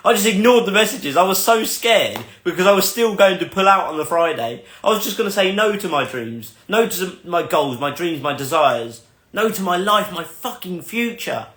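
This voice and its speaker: A man's voice: high-pitched, lively intonation, normal speed, hardly any pauses, fairly bright tone. Earnest man in an echoey room. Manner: emphatic, repetitive, earnest. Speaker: motivational vlogger. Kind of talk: personal motivational storytelling.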